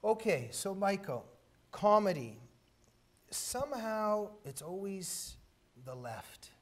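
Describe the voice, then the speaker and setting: Man hosting an interview, fairly high voice. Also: sing-song. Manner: formal openings, brisk pointed questions. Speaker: talk show host.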